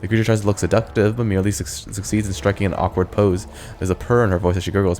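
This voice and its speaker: A man's voice: low voice, flat delivery, fast talker, darkish tone. A man hosting a let's play, reading game text aloud and adding casual, joking asides. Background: game music.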